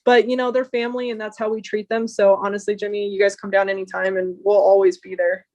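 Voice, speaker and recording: Woman, podcast guest, earnest, talkative, flat level pitch. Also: fast talker, muffled recording. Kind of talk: casual interview chat.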